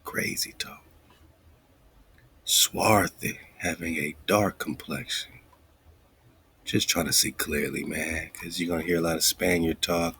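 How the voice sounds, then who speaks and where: A man hosting a radio show, thinking aloud as he looks up words, muttering and whispering asides to himself and reading quoted lines slowly. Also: low voice, fairly even intonation, gravelly, sharp tone, a little hiss or hum. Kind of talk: casual research talk, looking up words live.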